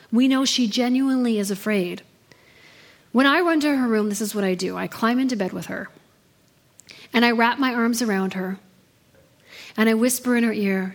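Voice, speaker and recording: Woman preacher with a higher voice. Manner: earnest storytelling delivery. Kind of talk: sermon.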